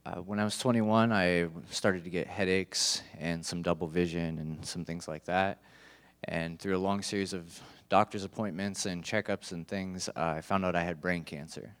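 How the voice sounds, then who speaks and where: A man's voice: deep voice, steady tone, moderate pace, fairly bright tone, smooth. A man in his twenties, a guest speaker, telling his story plainly and matter-of-factly. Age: 20s.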